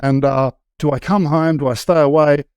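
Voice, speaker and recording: A man's voice: fairly high pitch, steady tone, normal speed, darkish tone, clean tone, no room sound. Middle-aged aussie guy talking it through, dead dry sound, stops and restarts a lot. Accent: Australian. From Australia. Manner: conversational, with frequent restarts and fillers. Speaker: guest. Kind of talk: candid personal storytelling.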